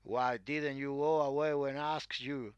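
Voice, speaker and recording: Earnest painter guy, emotional, slow careful storybook reading, dry, man doing him. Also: mid-range voice, fairly even intonation, smooth, no room sound, muffled recording, pitched above the performer's own voice, lightly acted. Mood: upset. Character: older male painter, devoted and hurt.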